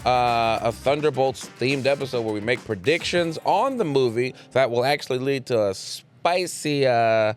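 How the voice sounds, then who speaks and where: Un hombre joven que presenta un pódcast de comedia con charla informal, animado, con jerga y risas frecuentes. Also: male voice, medium pitch, expressive, moderate pace, few pauses, faint music behind. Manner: upbeat, laughs often, loose slangy delivery. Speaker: podcast host. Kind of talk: casual comedy podcast chat.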